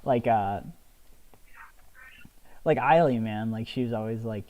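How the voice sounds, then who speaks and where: A young man, a podcast co-host, chatting casually while gaming, rambling and halting with lots of restarts and fillers, a bit spacey. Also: lowish voice, narrow, tinny audio. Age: young adult. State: a little spacey.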